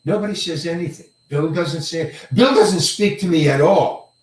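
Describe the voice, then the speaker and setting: An older male actor telling a career story in an interview, halting and rambling, often repeating words and chuckling. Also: a little high. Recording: roomy echo, mic set far away.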